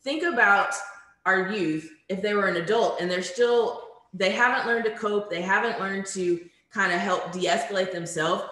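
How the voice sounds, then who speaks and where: A woman facilitates a virtual conference training session from a room at home, speaking in a friendly, conversational manner with frequent ums. Her voice is mid-range and fairly bright, and the video-call audio sounds echoey.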